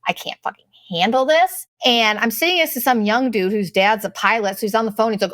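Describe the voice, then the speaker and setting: Woman, middle-aged, sarcastic travel rant, swears a lot, slightly high voice, dry close sound. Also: fairly quick, hardly any pauses, a bit bright, no echo. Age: late 30s to 40s. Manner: profane, exasperated, sarcastic. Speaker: vlogger. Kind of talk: casual storytelling rant.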